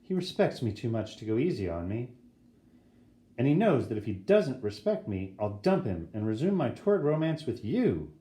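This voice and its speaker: A man doing a deadpan, teasing schoolgirl. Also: mid-range voice, moderate pace, pitched below the performer's own voice, lightly acted. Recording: roomy echo.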